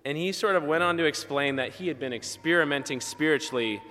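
A man's voice: on the high side, fast, bright, forceful tone, long reverb tail. A male pastor giving a conversational sermon with personal stories and casual asides. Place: church sanctuary.

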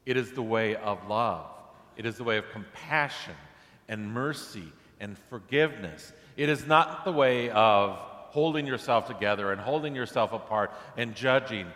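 A man's voice: fairly low pitch, a bit bright, in a large hall. A man preaching a sermon in a conversational way, pushing his voice up for emphatic questions. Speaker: pastor.

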